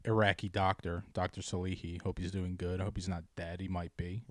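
A man in casual chat, ranting profanely about his bad day, dropping to mumbles and then yelling. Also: low-pitched, little pitch movement, fairly quick, dry recording.

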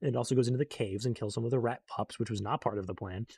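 Rambling young man, husky and mellow. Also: medium pitch, rapid-fire, no echo. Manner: rambling, full of fillers, animated quoting of characters. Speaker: book recap vlogger. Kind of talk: rambling casual recap.

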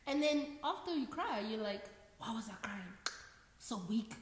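Animated woman co-host in an echoey room. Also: high voice, brisk. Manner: animated, swearing, laughing often. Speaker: podcast co-host. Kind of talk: casual chat. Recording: echoey room with long reverb.

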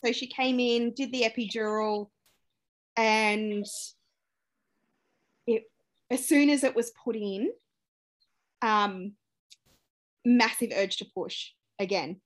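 Taking her time and pausing frequently, a young Australian woman with a fairly high-pitched voice recounts a personal story as a podcast guest. She's frank and animated, acting out what people said and laughing.

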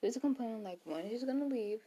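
A woman's voice: on the high side, expressive, quick pace, mellow, a little hiss or hum. A woman retelling a story in casual chat, rambling with fillers and self-corrections, and sometimes dropping to a whisper for quotes.

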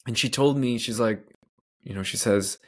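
A man's voice: mid-range voice, normal speed. A man from Canada hosting his own podcast, telling a personal story in an earnest, candid way with lots of casual "like" fillers. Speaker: podcast host.

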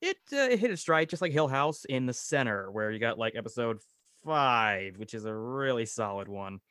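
Man, casual review chat, bright forceful voice, dry close sound, excitable jumps in pitch. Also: moderate pace, no room sound. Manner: animated, jumping pitch when excited.

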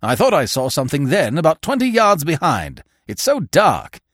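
A man's voice: a little high, wildly swooping pitch, normal speed, fairly bright tone, breathy edge, no room sound, clean studio sound, voice pushed up, heavily acted. A man doing a fearful young chauffeur. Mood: alarmed. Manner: urgent, fearful. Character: scared young male chauffeur under fire.

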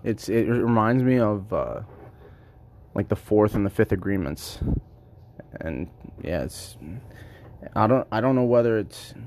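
A man's voice: fairly low pitch, animated, unhurried, long pauses, a little mellow. A man hosting his own show, musing aloud in a rambling, self-interrupting way, recorded at work without a microphone. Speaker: podcast host. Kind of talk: casual solo musing. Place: workplace.

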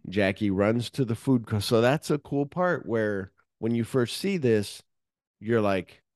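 Lowish-voiced man recapping a movie. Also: a little slow, no echo, studio quality. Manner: animated retelling, mixing read plot summary with offhand asides; frequent fillers and casual swearing. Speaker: podcast host. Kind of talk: casual movie recap chat.

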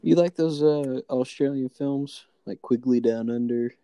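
A man's voice: medium pitch, a little slow, warm tone, clean tone, no echo, clean studio sound. A man co-hosting a casual chat, laid-back and jokey, with plenty of slang.

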